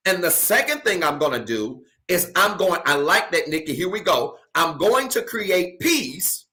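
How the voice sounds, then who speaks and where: Bright-voiced preaching man, rising to hollers. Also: high-pitched, big pitch swings, measured pace. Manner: preaching with call-and-response questions, building to shouts. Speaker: pastor. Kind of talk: sermon. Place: church stage.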